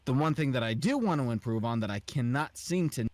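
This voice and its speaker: A man's voice: medium pitch, animated, brisk, a little mellow, dry recording. A young man hosting a podcast, chatting casually and explaining in a rambling way with lots of fillers. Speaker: podcast host and aspiring voice actor. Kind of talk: casual group chat.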